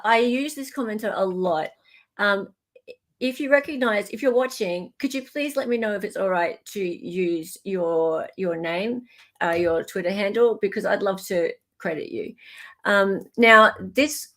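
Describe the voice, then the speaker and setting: A woman's voice: mid-range voice, a bit bright. Giggly Australian woman hosting. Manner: bubbly, giggly, chatty. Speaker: livestream host. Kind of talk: live chat show.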